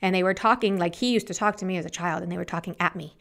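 Middle-aged woman, low gravelly voice, lively storytelling, acts out what people said. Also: fast talker, few pauses. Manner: animated, acts out quoted voices. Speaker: guest. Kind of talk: storytelling interview.

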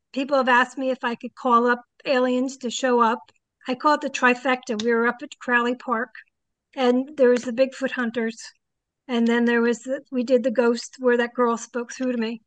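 Older woman telling stories, high voice. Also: moderate pace, no room sound. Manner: animated, acts out quoted people. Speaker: psychic guest. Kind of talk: casual storytelling in an interview.

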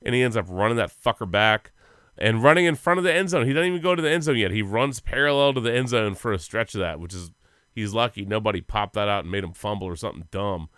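A man co-hosting a sports podcast, chatting casually in a profane, rambling, animated way. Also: fairly low pitch, fast, clear, resonant tone, no room sound, studio quality. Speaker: podcast co-host.

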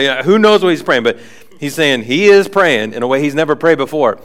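A man preaching a sermon, animated, acting out the people in the scripture with frequent asides. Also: fairly high pitch, a little fast. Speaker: pastor.

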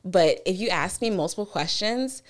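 A woman with an ordinary mid-pitched voice chats casually with a friend. She is frank and agreeable, and she drops swear words freely. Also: animated, moderate pace, background noise. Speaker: podcast co-host. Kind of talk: casual chat.

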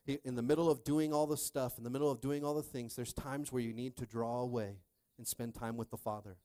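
Speaking briskly in a steady, mid-range voice, a male pastor shares a personal story during his sermon, recorded dry and at studio quality. He's animated, alternating between quiet and loud, and keeps checking in with the crowd.

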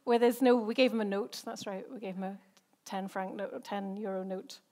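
A woman's voice: mid-range voice, steady tone, a little fast, mellow. A woman, a senior pastor who preaches a sermon in a chatty, self-mocking way and laughs often. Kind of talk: sermon with personal stories.

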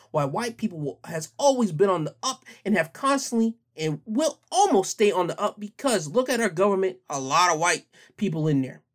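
A man's voice: sits high, fairly bright tone. A young man giving an opinion monologue as a vlogger, emphatic and repeating words for stress.

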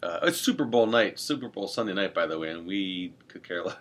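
A man's voice: sits low, expressive, fairly quick, a bit bright. A man co-hosting a podcast in casual chat, rambling and joking, correcting himself as he goes. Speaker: podcast co-host.

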